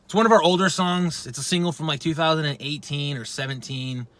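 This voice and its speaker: A man's voice: on the high side, a little fast, a bit bright. A man giving a casual vocal lesson, talking bluntly with plenty of swearing and poking fun at himself. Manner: blunt, profane, self-deprecating. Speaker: vocal instructor.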